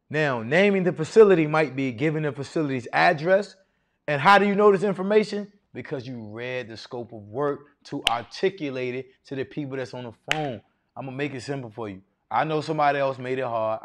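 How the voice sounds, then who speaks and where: A middle-aged man, giving a live seminar talk and quizzing his audience with questions in an animated, preacherly way. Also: medium pitch, fast talker. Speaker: masterclass speaker on federal contracting.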